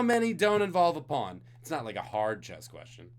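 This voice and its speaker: A man's voice: medium pitch, very animated, measured pace, hardly any pauses. A man from Singapore hosting a live-streamed trivia night, reading questions with jokey, playful asides to the chat. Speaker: trivia host.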